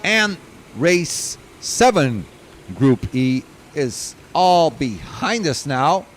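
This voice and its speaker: A man's voice: a little high, big pitch swings, drawn-out words, a little hiss or hum. A man commentating live kart races, reading long lists of drivers and chatting to viewers, running out of breath. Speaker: race commentator.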